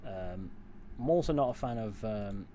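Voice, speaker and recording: A man's voice: on the low side, expressive, normal speed, warm tone, slight background noise. Dry-humored man chatting. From England. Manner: dry, offhand, reads chat comments aloud and answers them. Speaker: streamer reading chat. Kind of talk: casual livestream chat.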